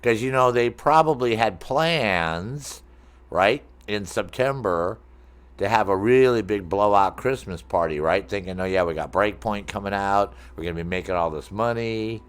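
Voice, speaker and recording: A middle-aged man with a low voice chats loosely while he plays a game on stream. He rambles from topic to topic, swearing freely and joking with his viewers. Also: moderate pace, smooth. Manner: rambling, profane, jokey, talks to chat. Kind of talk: casual gaming stream chat.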